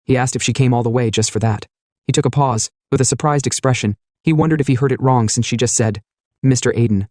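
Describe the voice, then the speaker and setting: A man narrating a comic recap in a steady storytelling manner, reading the lines of the characters in his own voice. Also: medium pitch, fast, no echo, clean studio sound.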